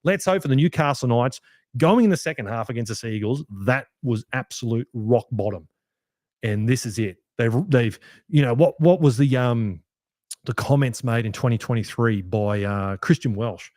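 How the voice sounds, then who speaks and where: A man hosting a sports review podcast, talking in an animated, rambling way and swearing freely as a fan. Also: medium pitch, moderate pace, no echo, studio quality. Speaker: podcast host.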